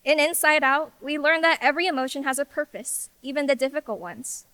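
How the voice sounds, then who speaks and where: A woman's voice: high voice, brisk, dry recording. A woman in her twenties, class president, giving an earnest ceremony speech at a graduation-style event. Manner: earnest, warm and a little emotional. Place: hall with audience.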